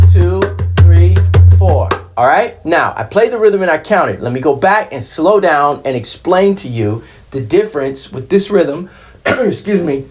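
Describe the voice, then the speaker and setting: A man giving a casual hand percussion lesson, explaining plainly, counting beats aloud and checking in with the listener. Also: fairly high pitch. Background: hand drum playing.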